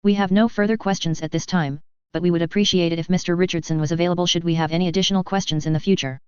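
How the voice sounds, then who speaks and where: A woman's voice: fairly low pitch, steady tone, rapid-fire, clean tone, no room sound, natural voice. A woman voicing a polite, easygoing older male interrogator, in a dull lo-fi recording.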